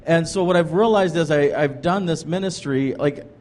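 A man's voice: on the high side, moderate pace, darkish tone. A man who is a pastor, telling his ministry story in an earnest, rambling way, with lots of restarts and "like" fillers. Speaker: pastor and ministry leader, guest. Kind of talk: casual conversational storytelling.

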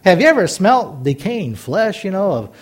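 A high-pitched man delivers a sermon to his congregation. He reads scripture in a folksy, rambling way with homespun asides. He grows fervent as he exhorts the listeners. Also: big pitch swings, normal speed, breathy edge. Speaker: pastor.

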